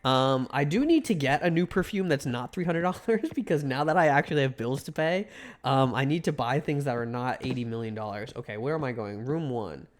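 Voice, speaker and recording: A male streamer chats casually through a video game at a middle pitch. His voice swings widely up and down as he jokes, curses and argues with the game. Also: lively intonation, brisk. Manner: joking, swears often, talks back to the game. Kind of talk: casual gameplay commentary.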